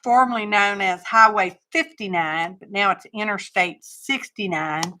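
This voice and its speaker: A woman's voice: mid-range voice, a little slow, pushed and bright. A woman with a Texan accent, hosting a livestream and chatting casually in a rambling, folksy way. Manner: rambling, folksy storytelling with asides. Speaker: livestream crafting host.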